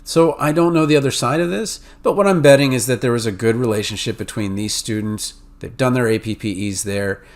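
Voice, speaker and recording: A man's voice: medium pitch, fairly quick, few pauses. A man with a New England and Mid-Atlantic accent hosts a podcast, explaining in a casual, conversational way with lots of fillers and restarts. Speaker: podcast host advising pharmacy students.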